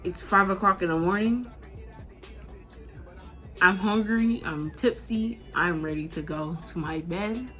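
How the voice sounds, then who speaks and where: A 19-year-old woman vlogger telling a casual, slangy storytime, animated and laughing as she goes. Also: medium pitch, unhurried, pauses often, soft background music.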